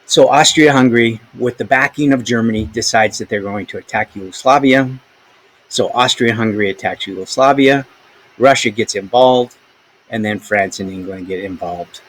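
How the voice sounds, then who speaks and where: A man's voice: lowish voice, moderate pace, fairly bright tone, a little hiss or hum, low-quality recording. A man teaching a history lesson to students, conversational and full of asides and filler words. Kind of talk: recorded classroom history lesson.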